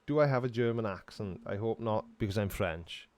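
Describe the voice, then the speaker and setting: Dry, sarcastic man, low voice. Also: a little fast, darkish tone, no echo. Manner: dry, sarcastic, self-mocking. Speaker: live stream host. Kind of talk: casual live Q&A chat.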